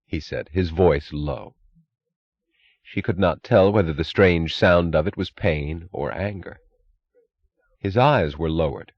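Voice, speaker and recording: A man narrating a novel in a measured, even reading, recorded with a dull, dry sound. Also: deep voice, husky, no echo. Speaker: audiobook narrator. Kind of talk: scripted narration.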